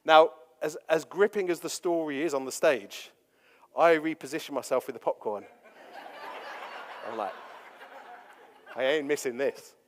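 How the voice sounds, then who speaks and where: A man delivers a sermon, leaning on playful anecdotes and frequent fillers. His voice sits a little high for a man. The sound carries the long reverb of a large hall. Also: moderate pace, pauses often, a little hiss or hum. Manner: jokey, anecdotal, lots of fillers. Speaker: pastor. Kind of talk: sermon with personal stories.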